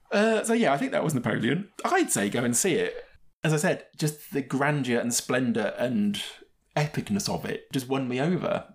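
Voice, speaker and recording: A man's voice: mid-range voice, animated, moderate pace. A man co-hosting a film podcast in a casual, rambling, digressive way, often chuckling between points. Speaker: podcast co-host and film reviewer.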